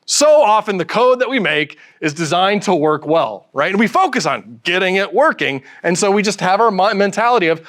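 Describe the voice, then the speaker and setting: High-voiced man giving a lively conference talk. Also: fairly quick, few pauses. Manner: lively, joking, quizzes the audience. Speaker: conference speaker. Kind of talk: live technical presentation.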